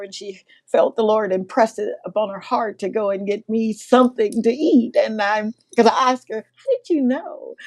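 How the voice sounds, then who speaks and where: A woman's voice: on the high side, mellow. A middle-aged woman from Mississippi hosting a faith talk show, telling a heartfelt testimony in a preacherly way and laughing often.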